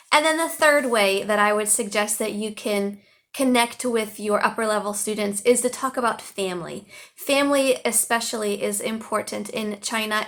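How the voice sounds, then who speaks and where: A woman's voice: mid-range voice, creaky, a bit bright. An American woman, an online English teacher, giving upbeat, chatty teaching tips into her phone in a casual vlog. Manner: upbeat, chatty, with playful animal-sound imitations.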